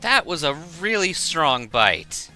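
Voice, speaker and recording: Game streamer, playful, casual commentary, bright, lively pitch, faint music. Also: slow pace. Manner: playful, joking, puts on voices.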